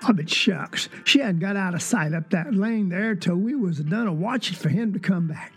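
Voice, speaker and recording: Performed as a rural Southern child telling an old family story, drawing out phrases with folksy asides. The Southern accent is thick, and the voice has a gravelly, creaky edge. Faint music sits underneath. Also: mid-range voice, moderate pace, a bit bright. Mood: earnest, wondering. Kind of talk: dramatic monologue.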